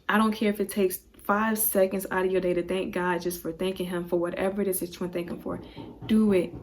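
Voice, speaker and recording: A woman's voice: mid-range voice, slight background noise. Earnest woman giving a motivational vlog. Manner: earnest, pleading, addresses viewers as guys; repetitive, emphatic phrasing. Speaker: vlogger.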